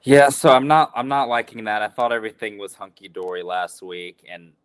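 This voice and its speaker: A man's voice: fairly low pitch, a little fast, smooth. A man co-hosting a wrestling podcast, talking loosely and rambling, swearing now and then. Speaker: podcast co-host. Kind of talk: casual wrestling recap chat.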